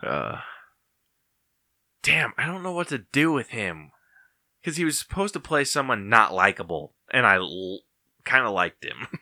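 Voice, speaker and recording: A man's voice: medium pitch, sing-song, measured pace, long pauses, sharp tone, dry recording, studio quality. A man co-hosting a podcast, chatting casually and rambling with frequent laughter. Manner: laid-back, rambling, laughs often. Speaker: podcast co-host. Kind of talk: casual chat.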